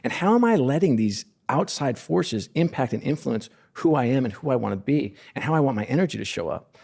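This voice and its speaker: A man's voice: medium pitch, lively intonation, brisk, gravelly, a little mellow, breathy edge. A middle-aged man, a podcast guest from sports business, telling stories in an earnest, effusive, self-deprecating way. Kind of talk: casual conversational storytelling.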